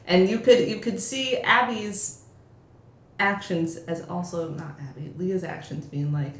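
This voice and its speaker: A young woman co-hosting a casual film chat, jumping into quick acted-out quotes of the characters. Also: on the low side, steady tone, a little hiss or hum. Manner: acts out characters' lines in quick bursts. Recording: echoey room.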